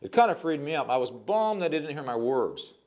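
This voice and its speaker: An older man, a poet, telling stories in a casual interview, animated and rambling, with frequent restarts. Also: fairly high pitch, fairly quick.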